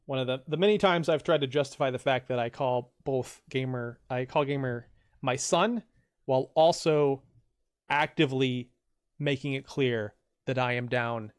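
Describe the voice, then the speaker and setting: A game streamer, male, meanders through casual chat and reads viewer quotes, using loud, high voices to quote people. He speaks at a moderate pace with a smooth sound.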